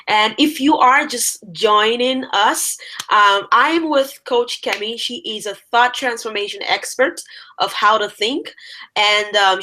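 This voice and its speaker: A woman's voice: medium pitch, bright, forceful tone. A woman hosting a live show, introducing her guest and inviting questions from viewers. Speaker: host.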